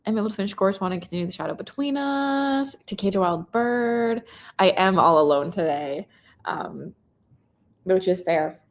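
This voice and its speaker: A woman's voice: medium pitch, animated, normal speed. A young Canadian woman hosting a casual live reading stream, reading out viewer comments in a bubbly, chatty way. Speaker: booktuber reading chat host.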